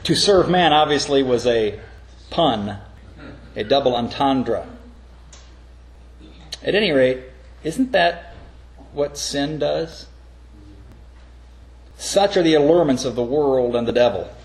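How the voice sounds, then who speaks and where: A man's voice: on the high side, reverberant. Man preaching an earnest sermon. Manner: earnest storytelling with sudden emphatic rises. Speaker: pastor.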